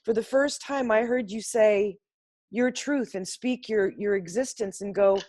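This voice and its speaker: A woman's voice: medium pitch, a little slow, a little mellow. A woman giving an impassioned, blunt spiritual talk to a group on a video call, swearing freely and pressing her points hard. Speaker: class participant sharing insights.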